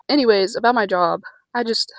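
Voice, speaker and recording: A young woman talks to her camera in a casual vlog, nervous and rambling, with the odd swear word. Her voice sits at an ordinary pitch for a woman and sounds close and dry, with little room around it. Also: sharp tone, no echo, poor audio. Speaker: vlogger.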